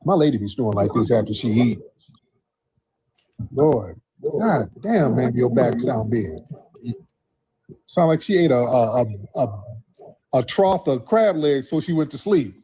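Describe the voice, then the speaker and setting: A man's voice: mid-range voice, lively intonation, a little slow, pauses often, dark tone, slightly rough. A man hosting a call-in livestream, talking bluntly and mocking his callers. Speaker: livestream host. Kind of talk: livestream commentary.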